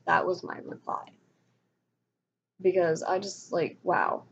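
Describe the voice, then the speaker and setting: A young woman talks through a frustrated rant in a casual vlog, her lowish voice full of vocal fry. She rambles and restarts her thoughts often. The recording is dull and lo-fi, with a faint hiss behind her. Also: very animated, takes it slowly, pauses often. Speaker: vlogger. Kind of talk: casual ranting monologue. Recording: dull lo-fi sound with faint noise.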